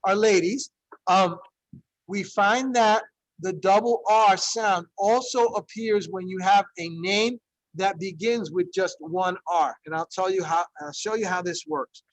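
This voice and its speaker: A man's voice: high voice, unhurried, dry recording, rough recording. A man teaching a Spanish class, encouraging students and drilling pronunciation through repetition. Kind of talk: classroom language lesson.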